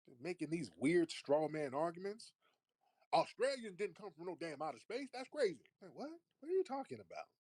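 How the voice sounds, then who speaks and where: A man's voice: fairly high pitch, husky, dry recording. A man hosting a call-in livestream, arguing with callers in a combative, mocking, profane way. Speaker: livestream host. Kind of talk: heated call-in debate.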